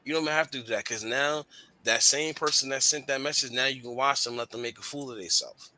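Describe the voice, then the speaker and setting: A man's voice: medium pitch, quick pace. A man co-hosting a radio talk show, talking candidly in slangy casual chat. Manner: candid, slangy, animated storytelling.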